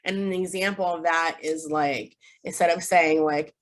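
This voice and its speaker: A woman's voice: deep voice, fairly even intonation, unhurried, few pauses. A woman in her thirties, a behavior analyst giving a casual parent workshop, chatty with lots of fillers and tag questions, acting out upbeat phrases for kids. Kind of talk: casual online parent training talk.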